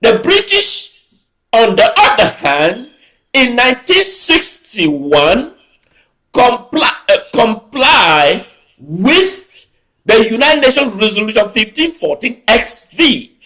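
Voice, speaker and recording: A man's voice: extremely high pitch, very animated, slow pace, sharp tone, rough recording. A man giving an impassioned political address, emphatic and repeating phrases for emphasis. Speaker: political speaker.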